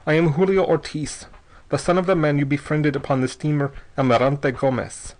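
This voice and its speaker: A man's voice: on the high side, fairly even intonation, moderate pace, darkish tone, lightly acted. A bitter young jailer, clipped and formal, in a raised, tense register, as a man reads him. He talks with stiff courtesy, in a storybook reading.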